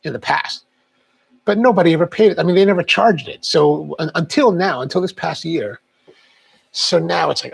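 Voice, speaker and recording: Middle-aged male livestream host, slightly high, rough-edged voice; loose, rambling chat. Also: normal speed, pauses often. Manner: chatty, rambling storyteller.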